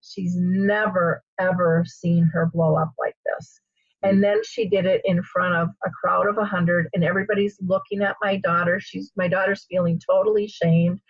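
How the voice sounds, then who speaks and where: A middle-aged woman hosting an interview show, telling a story in a lively, chatty way. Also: on the low side, moderate pace, slightly rough, no echo, lo-fi sound. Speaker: podcast host.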